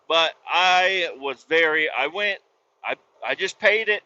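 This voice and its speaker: A man's voice: fairly high pitch, takes it slowly, sharp tone, highs cut off. A man hosting a podcast, telling a rambling, profane story in a casual, exasperated way. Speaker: podcast host.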